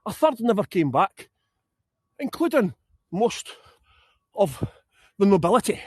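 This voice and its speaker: A man's voice: sits high, very animated, unhurried, breathy edge, no echo. A Scottish man leading a live walking tour outdoors in a graveyard, chatty and joking. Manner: chatty and joking, laughs often. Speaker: tour guide.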